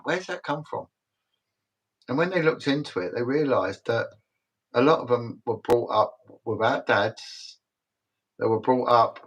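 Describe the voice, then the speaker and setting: Middle-aged British man, retired detective guest; emphatic, repetitive storyteller with a mid-range pitch. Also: poor audio. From Britain. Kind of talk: casual livestream interview talk.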